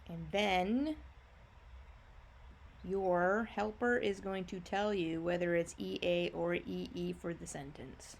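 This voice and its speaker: A woman teaching a first grade phonics lesson, patiently explaining and slowly sounding out each word for young children. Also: fairly low pitch, steady tone, creaky, a little hiss or hum. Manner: slow, drawn-out sounding out of words.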